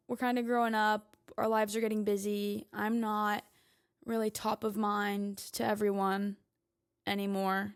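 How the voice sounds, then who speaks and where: Woman, twenties, podcast host, casual monologue, chatty, filler-heavy, slightly high-pitched. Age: 20s. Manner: chatty, lots of "like" fillers, emphatic.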